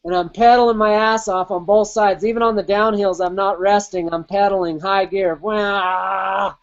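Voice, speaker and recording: A male podcast host with a high voice speaks at a moderate pace with fairly even intonation, and the audio sounds dull. Recounting a race he ran, he keeps it casual and vivid, cursing freely and voicing the thoughts that went through his head.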